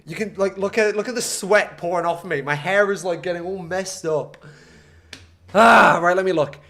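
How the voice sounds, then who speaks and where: Male game streamer, sharp bright tone, fed-up running commentary. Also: high-pitched, brisk. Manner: exasperated, talks to himself and chat. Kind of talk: live-streamed gameplay commentary.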